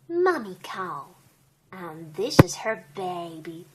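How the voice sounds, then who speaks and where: A woman reading a picture book aloud to a small child in a gentle, sing-song, child-directed way. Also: medium pitch, sing-song, slow pace, slight background noise. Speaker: storybook reader.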